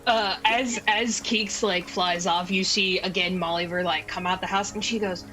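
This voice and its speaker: Woman game master, bright and crisp tone, casual rambling narration, faint music behind. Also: on the low side, fairly even intonation, moderate pace, few pauses, low-quality recording. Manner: casual, filler-heavy, swearing.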